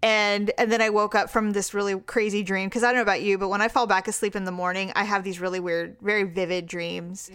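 A woman's voice: mid-range voice, fairly bright tone, smooth. A woman of about fifty telling a long personal story in casual chat, laughing often and swearing freely.

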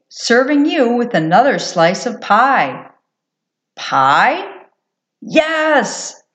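A woman's voice: medium pitch, muffled recording. A woman hosting a short inspirational segment and reading a children's book aloud in an encouraging, lilting way. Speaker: host and storybook reader. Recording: roomy echo.

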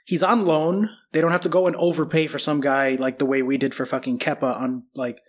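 A man's voice: a little high, little pitch movement, fairly quick. A man co-hosting a casual football podcast, talking through signings bluntly and swearing freely. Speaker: podcast co-host.

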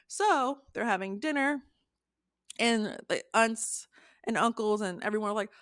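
A woman's voice: on the high side, normal speed, a bit bright, no echo, clean studio sound. A young adult woman, a podcast co-host, retelling a story in casual chat, acting out quotes in a raised voice and swearing freely.

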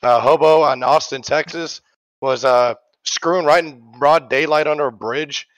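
A man's voice: a little high, fairly even intonation, normal speed, a bit bright, no room sound, low-quality recording. A man chatting as a guest on a talk show, slangy and loose, calling people bro and dude. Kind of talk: casual podcast chat.

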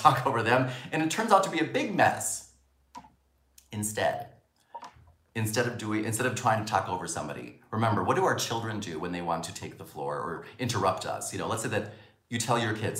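Guy teaching a lesson, acts out the lines, pitch jumps all over. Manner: animated, acts out quoted lines. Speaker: communication coach. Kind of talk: spoken lesson. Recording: roomy echo.

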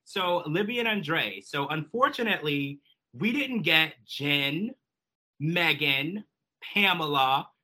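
A man's voice: fairly high pitch, animated, takes it slowly, pushed and bright, poor audio. A man co-hosting a podcast, giving emphatic and indignant opinions in casual recap chat. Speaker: podcast co-host.

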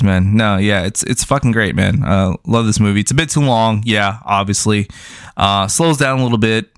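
Smooth-voiced joking podcast guy. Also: lowish voice, normal speed, fairly bright tone, no room sound, clean studio sound. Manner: loose, profane, joking. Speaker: podcast co-host. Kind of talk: casual movie review chat.

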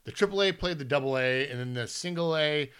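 A fifty-year-old man with a bright, forward voice co-hosts a podcast, chatting casually. He tells stories in an animated, rambling way, restarting his sentences as he goes. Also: a little high, brisk, clear, resonant tone. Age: 50s. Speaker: podcast co-host. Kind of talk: casual chat.

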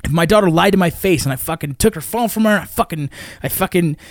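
A man's voice: high voice, fast talker, no echo, studio quality. A man in his thirties or forties, a military veteran guest talking in a blunt, profane, emphatic way in casual conversation.

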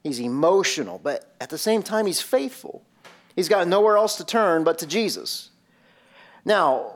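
Casting: male pastor, slow deliberate sermon delivery, slightly high voice, emphatic rhetorical questions.

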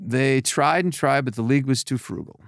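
A man telling animated stories in a casual chat, acting out other people's voices with lots of restarts. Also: mid-range voice, brisk, no echo, studio quality. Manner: animated storyteller, acts out voices, many restarts. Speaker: podcast guest telling stories.

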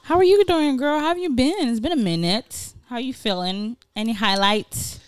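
A woman's voice: fairly high pitch, moderate pace, clean tone. Encouraging woman podcast co-host. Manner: encouraging, reflective, talks with many fillers. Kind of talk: casual chat.

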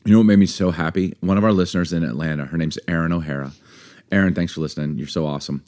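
Casual podcast co-host, male, lower register, chatty and animated storyteller. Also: racing. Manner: animated storytelling, acts out quoted voices. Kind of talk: casual chat.

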